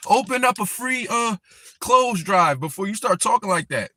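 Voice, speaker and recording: His high, expressive voice comes out pushed and bright, a little slow, as he angrily rants on his live stream directly at the person he's criticizing. There's no echo in the recording.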